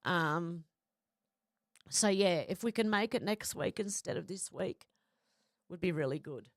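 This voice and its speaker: A woman's voice: on the low side, unhurried, no room sound, clean studio sound. A woman who has a cold and a runny nose, chatting casually on a livestream and reading out viewer comments with frequent apologies.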